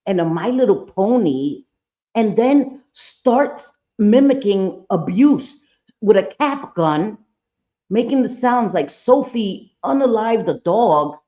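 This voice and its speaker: A woman's voice: mid-range voice, expressive, slow pace, warm tone, highs cut off. A woman doing a casual livestream reaction, blunt and profane, talking straight to her chat. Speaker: livestream commentator.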